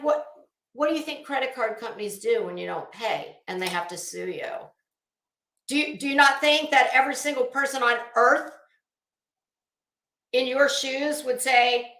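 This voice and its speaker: A woman's voice: fairly high pitch, bright, forceful tone, roomy sound. A woman hosting a live commentary stream, talking in a sassy, blunt, profane way and calling people honey.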